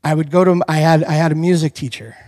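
High-voiced pastor preaching in a reverberant church. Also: male voice, fast talker. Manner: lively storytelling, addressing the congregation directly. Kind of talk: sermon. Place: church hall. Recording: long hall reverb.

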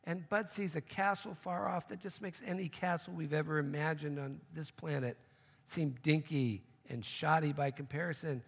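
A man's voice: on the high side, steady tone, normal speed, gravelly, breathy edge, in a large hall. A man preaching a sermon, telling a joke story and then making emphatic, repeated points. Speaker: pastor.

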